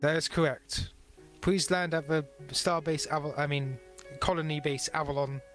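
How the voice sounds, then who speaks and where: A man's voice: a little high, fairly even intonation, moderate pace, faint music behind, lightly acted. A man voicing a formal officer of an ambassadorial ship, speaking officially over comms.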